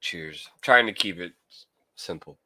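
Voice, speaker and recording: A man talks loosely in a casual late-night livestream, joking with his chat, swearing freely and calling viewers by name. His voice sits a little low but comes across bright and forceful. The sound is dry and close, with almost no room around it. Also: unhurried, no echo. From California. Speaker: livestream host, collector.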